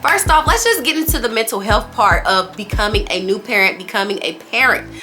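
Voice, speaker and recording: A woman's voice: on the high side, animated, fairly quick, sharp tone, faint music behind. A young woman, a new mother, chatting candidly to camera about parenting in a casual vlog. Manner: chatty and candid, says y'all, girl and you guys often. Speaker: vlogger. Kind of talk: casual sit-down chat to camera.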